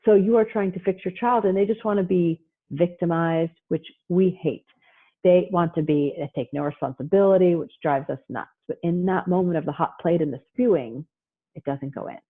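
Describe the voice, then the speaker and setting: A woman psychologist delivers a lively parenting talk with a slightly husky voice. She is animated and slips into playful voices for parents and children. The sound is thin and tinny, like a phone line on a video call. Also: lowish voice, moderate pace. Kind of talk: lively lecture with acted-out quotes.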